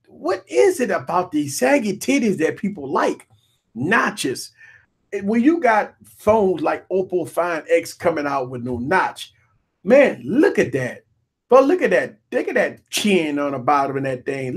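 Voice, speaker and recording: Husky, animated man ranting about tech. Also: on the high side. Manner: animated, repetitive, joking rants. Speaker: tech show host. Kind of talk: live-stream tech commentary.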